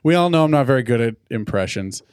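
A man co-hosts a casual whiskey-tasting podcast and rambles along with a running string of jokes at his own expense. His voice sits at an ordinary pitch and is captured close up in a dry room. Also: animated, quick pace, a little mellow, smooth, no room sound. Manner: joking, rambling, self-deprecating. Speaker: podcast co-host.

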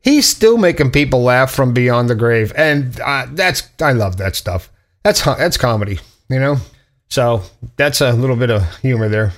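A man's voice: mid-range voice, expressive, moderate pace. Blunt rambling middle-aged man. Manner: rambling, repetitive, chuckling, blunt. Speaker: vlogger. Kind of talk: rambling motivational monologue. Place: sitting indoors alone.

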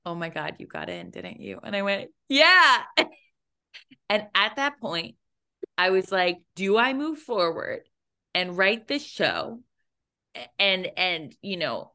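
A woman's voice: fairly low pitch, bright, forceful tone. A young adult woman casually telling a story as an interview guest, laughing often and acting out the voices in her quotes. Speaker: interview guest, playwright and performer.

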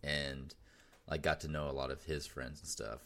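A man's voice: very deep voice, flat delivery, moderate pace, a bit bright. A man co-hosting a podcast in loose, casual chat, laughing often and swearing freely. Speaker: podcast co-host.

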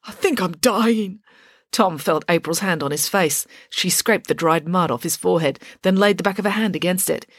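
A woman narrating a children's story in an expressive, wry way. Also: lowish voice, fairly quick, few pauses, dry recording, clean studio sound. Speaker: audiobook reader.

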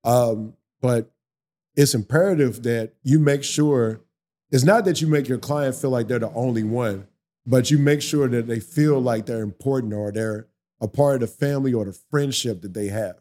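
Animated, swearing barber man. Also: mid-range voice, normal speed. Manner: animated, preachy storyteller who swears freely. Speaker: barber, podcast guest. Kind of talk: casual podcast conversation.

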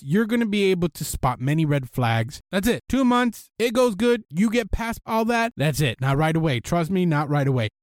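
A man hosting a podcast, giving blunt, animated dating advice in a casual monologue and swearing freely. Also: sits high, dry recording, studio quality. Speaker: podcast host.

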